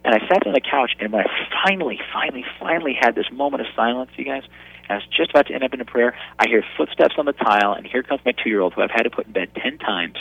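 A man in his thirties sharing an earnest personal testimony on prayer, going soft and low at tender moments. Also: lively intonation, fast talker, vocal fry, breathy edge, dry recording, lo-fi sound.

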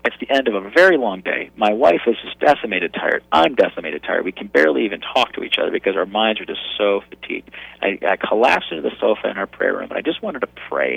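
A man in his thirties sharing an earnest personal testimony on prayer, going soft and low at tender moments. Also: big pitch swings, quick pace, gravelly, husky, no echo, muffled recording.

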